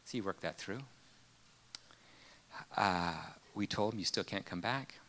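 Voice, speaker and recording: A man preaching a sermon, telling a personal story earnestly with many pauses and fillers. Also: deep voice, fairly bright tone.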